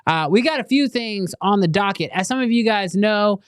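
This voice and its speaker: A man's voice: high-pitched, animated, normal speed, clear, resonant tone, no echo, studio quality. A middle-aged man hosting a casual live show, playful and joking, laughing often. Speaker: podcast host.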